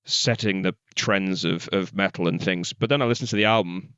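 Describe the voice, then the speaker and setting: A man's voice: sits low, moderate pace, a bit bright, smooth, dry recording, lo-fi sound. A man co-hosting a podcast, chatting loosely about music with lots of "like" and the odd swear. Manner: loose, chatty, frequent "like" and profanity. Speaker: podcast co-host. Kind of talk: casual music chat.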